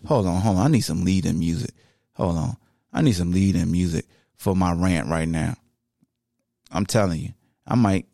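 Here a sports podcast host delivers a heated, animated rant full of casual slang. His voice is medium-pitched, and the recording is dry and studio quality.

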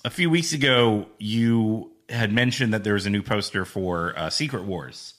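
A man's voice: on the low side, normal speed, fairly bright tone. A man co-hosting a podcast, casually explaining comic book storylines with a wry, laid-back manner. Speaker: podcast co-host. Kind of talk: casual chat.

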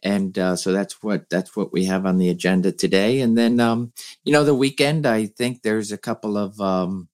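A man from Philadelphia chatting as a podcast co-host, relaxed and a little halting, with frequent fillers. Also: on the low side. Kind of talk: casual chat.

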